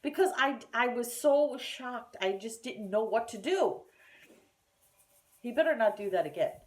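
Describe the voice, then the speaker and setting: A woman telling a story in a casual home vlog, chatty and animated, with plenty of fillers and restarts. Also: on the high side, measured pace. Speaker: vlogger. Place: at home by a kitchen counter.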